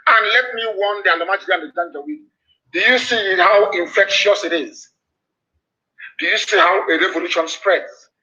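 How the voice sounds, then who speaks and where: Forceful man in a fiery broadcast. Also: sits high, moderate pace. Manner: forceful, repetitive warnings. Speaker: political broadcaster. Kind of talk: fiery live radio address. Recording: dull lo-fi broadcast audio.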